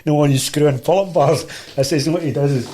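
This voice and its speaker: A middle-aged Glaswegian man from Scotland, a martial arts teacher appearing as a guest, tells rambling stories in casual conversation. His voice is a little high, brisk and mellow, and his storytelling is full of restarts and quoted dialogue.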